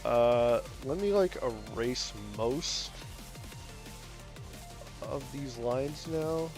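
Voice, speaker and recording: A man's voice: mid-range voice, very slow, pauses often. Rambling, profane young man streamer. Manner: rambling, profane, lots of filler and restarts; gets loud and animated when ranting. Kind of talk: casual stream chat while drawing. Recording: faint music behind.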